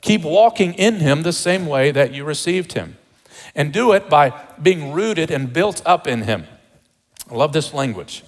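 A pastor preaching a sermon with emphasis, repeating rhetorical questions to the congregation. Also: male voice, a little high, expressive, measured pace, long reverb tail.

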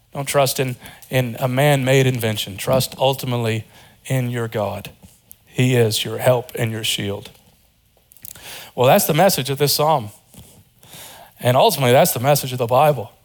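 A man preaching a sermon as pastor, earnest, rising to high emphatic peaks and dropping low and quiet, with informal joking asides.

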